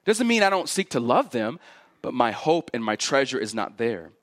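A man preaching an expository sermon in an earnest voice, stacking repeated phrases as he builds each point and dropping low and quiet for his warnings. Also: sing-song, moderate pace. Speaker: pastor.

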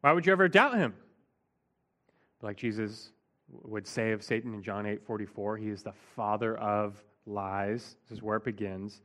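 A man's voice: fairly low pitch, normal speed, bright, forceful tone. A man preaching an expository Bible teaching in a conversational, emphatic way, often saying "like".

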